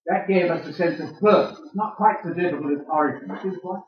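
Fairly quick and high-voiced, an older man delivers a sermon-style talk to a church audience, teasing them with questions. He's recorded far from the mic in a large, echoey room, so the sound comes out dull.

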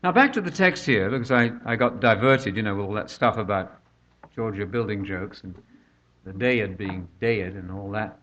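A man's voice: fairly low pitch, moderate pace, fairly bright tone. An older man preaching a conversational sermon, full of rhetorical questions, recorded on a dull lo-fi track.

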